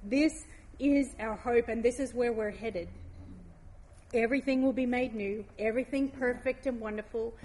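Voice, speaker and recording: A woman's voice: on the high side, slight background noise. Heartfelt woman giving a devotional talk. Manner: heartfelt, gently emotional, reads scripture aloud slowly.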